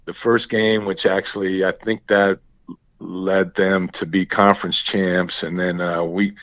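A man's voice: deep voice, level tone, measured pace, a bit bright, no echo. An older man from Indiana, a former basketball coach, telling long stories with many restarts as an interview guest. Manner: rambling, many restarts, acts out quoted talk. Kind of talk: storytelling interview chat. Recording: dry, slightly dull recording.

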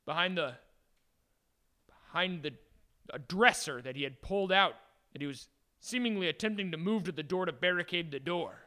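A man playing an earnest, high, bright-voiced neighbor. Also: normal speed, long pauses. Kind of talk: improvised comic storytelling in character.

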